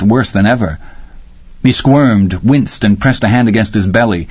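A man narrating a story in a measured, even way. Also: fairly low pitch, slightly rough, no room sound, dull audio. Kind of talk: audiobook narration.

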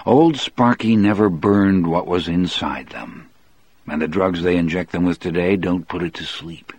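A man narrating a novel in the first person as an audiobook, in a measured, deliberate way. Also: sits low, a little mellow, breathy edge, no room sound.

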